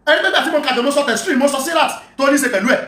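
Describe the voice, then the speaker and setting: A speaker who moderates a heated online religious debate. They read scripture slowly and deliberately, then break in with firm, repeated calls for calm. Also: high voice, roomy sound.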